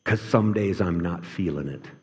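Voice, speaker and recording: A man preaching a sermon in an earnest way, slowing and dropping his voice for emphasis. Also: deep voice. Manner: earnest, varies pace, drops to quiet emphasis. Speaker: pastor. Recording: long hall reverb.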